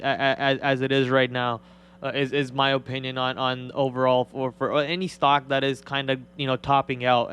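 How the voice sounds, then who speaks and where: A man's voice: a little high, fairly bright tone, clean tone. A man hosting a live stock trading stream, talking in a rambling way with many fillers and repeated words. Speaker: stock trading show host.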